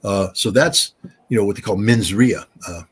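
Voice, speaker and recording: A man's voice: fairly low pitch, normal speed, slightly rough. A middle-aged man, a former weapons inspector, talking emphatically in a casual interview. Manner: emphatic, animated storyteller.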